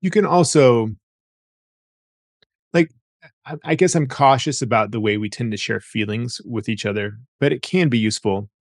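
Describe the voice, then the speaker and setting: A man's voice: mid-range voice, moderate pace, long pauses, dry recording, studio quality. A man speaking as a therapist guest in an interview, thoughtful and explanatory, often repeating words as he thinks. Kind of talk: interview conversation.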